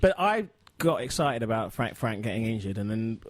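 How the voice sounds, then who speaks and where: A man's voice: on the low side, sing-song, moderate pace, faint music behind. A man co-hosting a football podcast, telling rambling stories and mocking himself. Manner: chatty storyteller, lots of restarts, self-mocking. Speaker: podcast co-host. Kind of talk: casual football chat.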